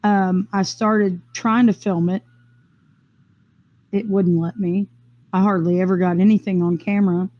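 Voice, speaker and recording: A woman telling her own story in a casual, rambling way, with quick bursts, fillers and restarts. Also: medium pitch, steady tone, lo-fi sound. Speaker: interviewee sharing a personal experience. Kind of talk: casual first-person storytelling.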